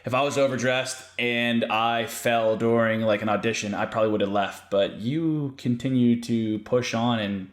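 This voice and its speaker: A man's voice: medium pitch, fairly even intonation, moderate pace, few pauses. Laid-back guy hosting a podcast, mid voice, echoey room. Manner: easygoing, reflective, uses "you know". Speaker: podcast host. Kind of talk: casual interview chat.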